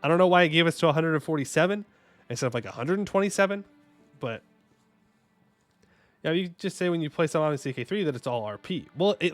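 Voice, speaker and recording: A man with a somewhat high voice commentates his game live, casual and joking as he banters with chat. He hums small fanfares between moves. Faint game music runs underneath. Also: fairly bright tone, no room sound. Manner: playful, joking with chat, sings little fanfares. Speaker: streamer.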